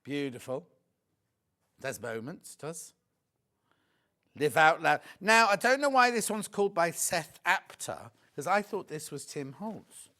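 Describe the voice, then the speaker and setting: A chatty, excitable man hosts a live shopping show. His voice sits high for a man, and he gushes over each product while chatting with viewers and crew. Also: unhurried. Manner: lively and gushing over the products. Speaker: shopping channel presenter.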